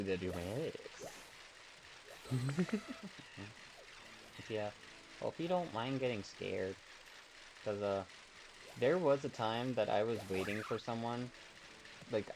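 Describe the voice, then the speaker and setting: A man's voice: lowish voice, noisy background. A young man chatting on a live stream, telling rambling stories in a playful way and chuckling between them. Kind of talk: casual live-stream chat. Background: background music.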